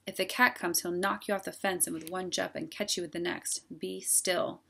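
A woman voicing a brisk, sensible female mouse in a storybook reading, speaking firmly and with authority. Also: lowish voice, steady tone, vocal fry, bright, forceful tone, husky, exaggerated voice. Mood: urgent. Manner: firm and authoritative.

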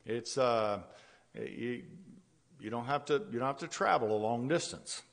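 A man preaching a sermon with a halting delivery, repeating words as he goes and laughing softly between points. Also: medium pitch. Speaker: pastor. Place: church sanctuary. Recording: long church-hall reverb.

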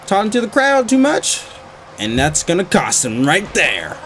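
A man giving excited, frantic commentary while playing a wrestling video game, groaning one moment and yelping the next. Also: sits high, moderate pace, slight background noise. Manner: frantic, swings between groans and yelps. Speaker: gaming channel host.

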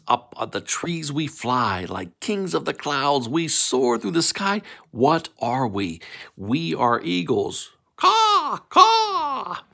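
A man's voice: mid-range voice, vocal fry. A man reading a bedtime story of rhyming riddles to young children in a playful, sing-song way.

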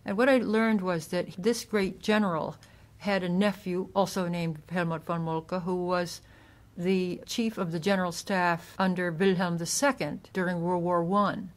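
A woman's voice: on the low side, fairly even intonation, a little slow. A woman author, a guest in an interview, explaining family history at length with small restarts. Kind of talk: casual interview.

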